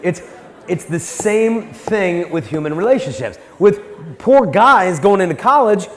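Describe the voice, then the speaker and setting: A man with a fairly high, very lively voice gives an animated talk to a live audience, cracking jokes and slipping into voices for the people he quotes. The sound rings with the long reverb of a large hall. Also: measured pace, a little hiss or hum. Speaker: Catholic speaker on dating and marriage.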